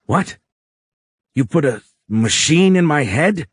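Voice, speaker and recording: A man's voice: fairly low pitch, unhurried, a little mellow, breathy edge, no room sound, studio quality. A man voicing a frightened human captive who fires off alarmed, demanding questions.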